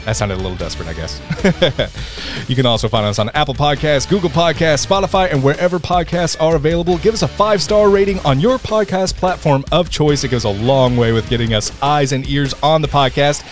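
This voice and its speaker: A man's voice: on the high side, fairly quick, faint music behind. A man hosting a casual podcast chat, upbeat and teasing, laughing often. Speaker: podcast host.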